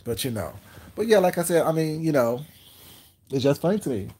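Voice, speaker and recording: A man's voice: on the high side, sing-song, fairly quick, mellow, husky. A man hosting a livestream, chatting casually with his viewers in a rambling, repetitive way, often asking whether they know what he's saying. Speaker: livestream host.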